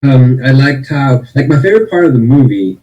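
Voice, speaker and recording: A man's voice: mid-range voice, expressive, fairly quick, dark tone, highs cut off. A man giving his film review in a casual livestream chat, easygoing and hesitant with many ums.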